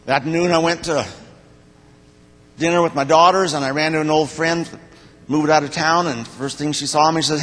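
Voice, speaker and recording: An older man giving a personal testimony to a church congregation, speaking in a plain, halting, heartfelt way. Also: fairly high pitch, fairly bright tone. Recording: long reverb of a church hall.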